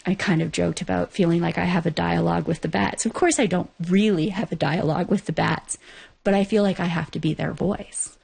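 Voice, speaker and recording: A woman's voice: on the low side, steady tone, fairly quick, vocal fry, darkish tone, breathy edge. A woman rancher talking casually and earnestly in an outdoor interview on her ranch. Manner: earnest, heartfelt, conversational with fillers.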